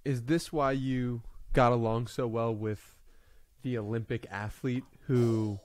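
A man hosting a podcast, asking calm, brief questions in a casual tone. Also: mid-range voice, slow. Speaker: podcast host.

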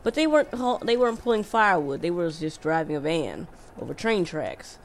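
A woman's voice: lowish voice, sing-song, brisk, slight background noise. A woman giving casual let's-play commentary, rambling and thinking aloud as she mumbles to herself. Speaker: gameplay commentator.

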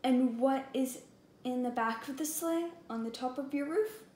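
A woman's voice: high voice, a little slow, a little mellow. A woman playing a knowing little girl. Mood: teasing. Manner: insistent, teasing questions. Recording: echoey room, faint background hum.

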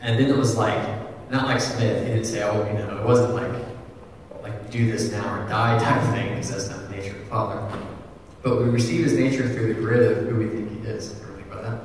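A young adult man preaching a sermon in a casual, animated storytelling manner, full of asides. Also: fairly low pitch, brisk, a little hiss or hum. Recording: echoey hall, far from the mic.

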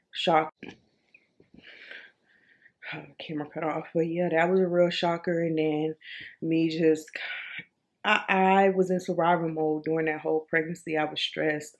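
A woman in her thirties telling a personal story in a casual vlog, animated and expressive, with many fillers and repeated words. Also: sits low. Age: 30s. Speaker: vlogger.

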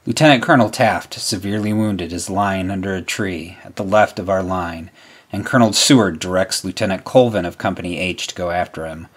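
A man reading a wartime memoir aloud as solemn, measured narration, letting his voice drop at the ends of lines. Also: deep voice, husky. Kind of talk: scripted narration.

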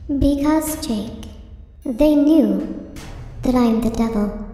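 An eerie ten-year-old boy with a high, soft voice speaks in slow, childlike simplicity, as a woman puts him on. His words drift through a long, echoing hall reverb. Quiet menace sits under every calm line. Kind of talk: horror story narration. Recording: echoey reverb-heavy hall.

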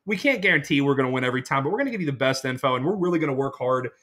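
A young man from Pittsburgh co-hosting a casual sports-betting podcast, talking in an excitable, hyped-up way. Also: mid-range voice, rapid-fire. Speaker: podcast co-host.

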